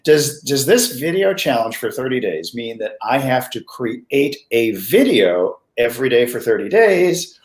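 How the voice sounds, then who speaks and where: A man's voice: mid-range voice, very animated, unhurried, hardly any pauses, reverberant. A man co-hosting a casual live-stream chat, chatty and joking, asking many questions. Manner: chatty, asks questions, jokes. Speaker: co-host, doctor.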